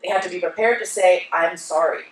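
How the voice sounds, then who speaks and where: Animated woman speaking in an echoey hall. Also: on the low side, fairly quick, distant mic. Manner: animated storyteller, acts out voices. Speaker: keynote speaker. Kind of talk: onstage conversation with audience. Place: conference hall.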